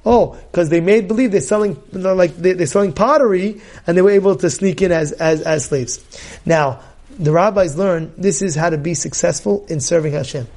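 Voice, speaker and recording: Rabbi guy, pretty high voice, gets loud and emphatic, keeps asking questions. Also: normal speed. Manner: emphatic, animated, loud outbursts and rhetorical questions. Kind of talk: Torah class.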